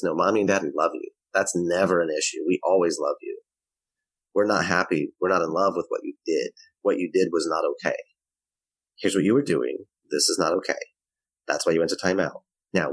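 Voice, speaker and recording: Deep husky man explaining confidently. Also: brisk, no echo, low-quality recording. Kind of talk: explanatory conversation.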